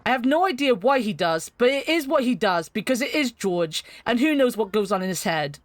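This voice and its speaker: A woman's voice: on the high side, sing-song, a little fast, no room sound. A woman giving wry, chatty commentary in a retrospective video game review.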